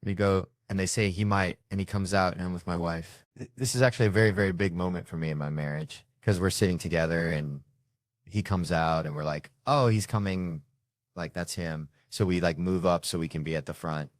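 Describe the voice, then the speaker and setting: A male comedian with a very low voice tells a story for laughs. He acts out the other people in it and swears freely. The recording is dry and close, with no room sound. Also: fairly quick, dry recording. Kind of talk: comic storytelling.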